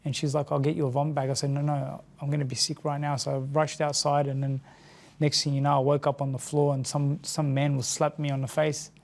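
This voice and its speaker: An Australian man speaks as an interview guest, earnest and halting, often repeating words and restarting. His voice sits a little high and gravelly with a fairly flat, level delivery. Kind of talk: emotional personal account in an interview.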